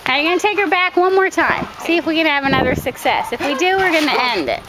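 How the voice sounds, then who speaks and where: A woman dog trainer giving a hands-on coaching demonstration outdoors, calm when she explains and brisk when she gives instructions. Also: high-pitched. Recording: camera audio with loud background noise.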